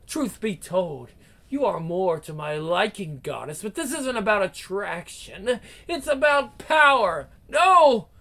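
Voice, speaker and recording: A woman playing a cruel, seductive vampire queen, drawling every taunt slowly in a bright, tense voice. She gloats and menaces like a comic book villain read aloud, breaking into growls. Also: mid-range voice, sing-song, vocal fry, full character voice. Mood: gloating. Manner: slow, taunting, theatrical delivery with growls.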